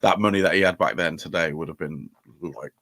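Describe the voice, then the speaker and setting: A man's voice: very deep voice, a little fast, fairly bright tone, no echo. A young man hosting a casual football chat with mates, matey and chatty. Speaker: podcast host.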